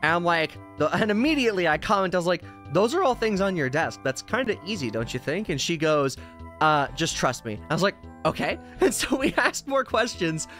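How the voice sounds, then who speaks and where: Brief: slightly high-voiced male streamer, rambling and casually profane, game music clearly audible underneath. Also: very animated, fairly quick, fairly bright tone. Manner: rambling, tangential, swears casually. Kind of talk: casual storytelling while playing a game.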